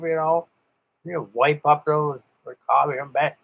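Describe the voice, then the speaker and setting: A man's voice: on the high side, steady tone, a little slow, creaky, muffled recording. An older man, a ham radio operator, telling rambling stories in a casual chat with frequent chuckles. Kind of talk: casual monologue.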